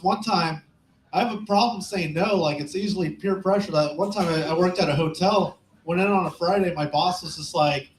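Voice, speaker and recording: A man of twenty-eight doing a crude, deadpan stand-up set in a small club, asking the crowd questions. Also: on the high side, fairly quick, a little hiss or hum. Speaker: stand-up comic. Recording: roomy club echo.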